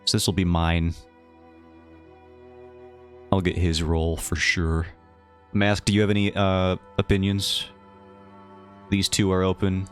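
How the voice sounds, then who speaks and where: Male streamer, very low voice, loose rambling banter with chat, faint music under it. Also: level tone, measured pace, long pauses. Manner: rambling, playful and self-mocking. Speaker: livestreamer. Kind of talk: casual chat with a live chat.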